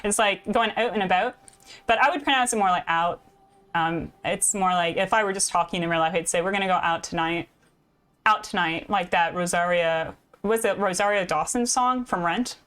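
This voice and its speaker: A young woman from the American Midwest with a slightly Canadian-leaning Midwestern accent, chatting casually with her live viewers as a game streamer into a desk mic, self-deprecating and quick to laugh. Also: mid-range voice, a bit bright. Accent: Midwestern American with a slight Canadian lean. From Midwest United States. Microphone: desk microphone.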